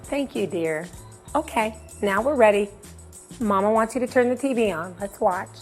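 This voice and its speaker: A woman's voice: medium pitch, lively intonation, moderate pace, over music. Bawdy woman hosting a comedy show. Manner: bawdy, self-mocking banter. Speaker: host.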